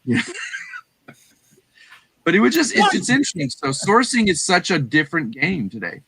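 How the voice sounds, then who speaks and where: A middle-aged Texan man spins a loose, animated story, jumping into other people's voices as he goes. His tone is bright and forward, and the recording is dry and close with no room around it. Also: high-pitched, normal speed, breathy edge, dry recording. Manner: animated, acts out quoted voices, swears casually. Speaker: guest reseller. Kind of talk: casual storytelling chat.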